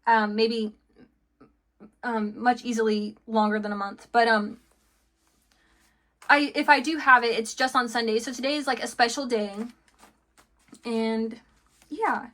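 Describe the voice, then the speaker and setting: A woman's voice: on the high side, fairly even intonation, unhurried, long pauses, a bit bright. A woman giving a casual tarot reading, rambling and chatty with lots of fillers and restarts, laughing between thoughts. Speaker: tarot reader.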